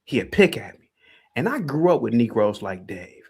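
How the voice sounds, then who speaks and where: A man's voice: mid-range voice, very animated, moderate pace, a little hiss or hum. A man hosting a livestream, ranting heatedly and taunting a caller with repeated jabs. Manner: taunting, repetitive, calls out a caller. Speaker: livestream host.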